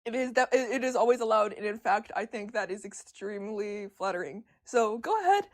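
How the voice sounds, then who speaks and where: A woman streamer chatting casually with her viewers, excitable and stumbling over her words with a stutter. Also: mid-range voice, brisk. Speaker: streamer discussing comics with chat. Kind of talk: casual livestream chat.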